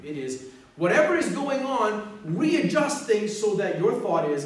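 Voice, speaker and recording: A man preaching a sermon as pastor, swinging between loud exhortation and quiet, prayerful lines. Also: high voice, very animated, measured pace, hardly any pauses. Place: church sanctuary. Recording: echoey hall, mic from far off.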